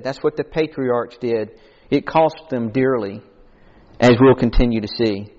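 A man preaching a sermon in an earnest, folksy way, telling illustrative stories. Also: a little high. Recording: echoey hall, dull lo-fi recording.

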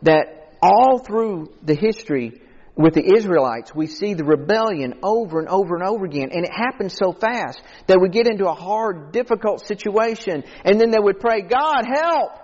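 A man preaches in an earnest, folksy manner, his voice sitting a little higher than most men's. He leans on homespun stories to drive his points home. The sound is dull and lo-fi, with a long reverb that trails through a big hall. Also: animated, moderate pace, a little mellow, slightly rough. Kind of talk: sermon. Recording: echoey hall, dull lo-fi recording.

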